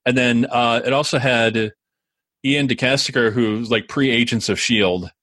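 Speaking a little slowly in a medium-pitched, slightly bright voice with fairly even intonation, this podcast co-host rambles through casual conversation full of fillers and false starts. The audio is clean and studio-made, with no room sound.

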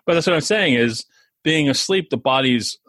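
A man's voice: medium pitch, animated, normal speed, a bit bright, no room sound. A man co-hosting a podcast in casual chat, explaining things at length with frequent chuckles. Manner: explanatory, chuckles while talking. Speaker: podcast co-host.

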